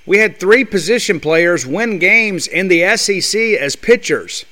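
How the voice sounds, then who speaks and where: A man's voice: high-pitched, lively intonation, a little slow, pushed and bright. A man hosting a sports talk show, delivering a blunt, fired-up monologue full of rhetorical questions.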